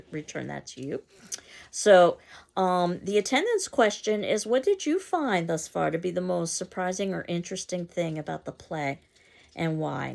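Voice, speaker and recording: A woman's voice: lowish voice, creaky, a little mellow. A woman teacher giving a recorded class lecture, explaining at length with frequent fillers and self-corrections.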